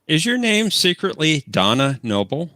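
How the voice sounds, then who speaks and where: A man on an online quiz panel, teasing the others in a slow, drawn-out way. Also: a little high, very animated, bright, forceful tone, dry recording, clean studio sound.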